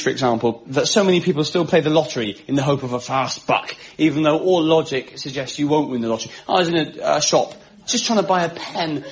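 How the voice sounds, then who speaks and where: A man performing a stand-up comedy monologue with a dry, wry delivery, pausing for laughs. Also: fairly high pitch. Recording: muffled live recording with background noise.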